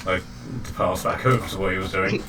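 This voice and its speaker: Low-voiced man running a tabletop game. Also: fairly even intonation, fairly quick. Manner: loose, chatty narration with frequent fillers and laughs. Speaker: dungeon master. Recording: distant mic with faint background noise.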